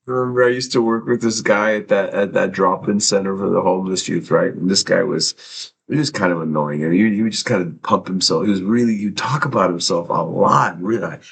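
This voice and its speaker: Man, live streamer, deep voice, slow talker, rambling casual chat, light room hum behind. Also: gravelly, poor audio. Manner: rambling, talks to himself, swears casually. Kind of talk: casual solo livestream chat.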